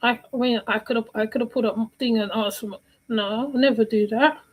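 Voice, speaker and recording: Rambling woman streamer, fairly high voice. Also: fairly even intonation, a little fast, low-quality recording. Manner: rambling, repeats herself, searches for words. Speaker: livestream commentator. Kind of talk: casual reaction commentary.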